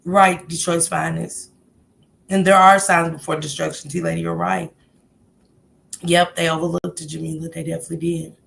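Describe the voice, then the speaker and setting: A woman's voice: sits low, little pitch movement, normal speed, vocal fry, a bit bright. A woman hosting a casual livestream, talking heartfelt and encouraging as she greets viewers in the chat by name. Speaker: livestream host.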